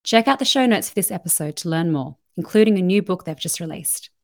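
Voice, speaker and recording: A woman's voice: lowish voice, expressive, quick pace, vocal fry. An Australian woman co-hosting a podcast, reading an upbeat scripted intro and welcoming a guest. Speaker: podcast co-host.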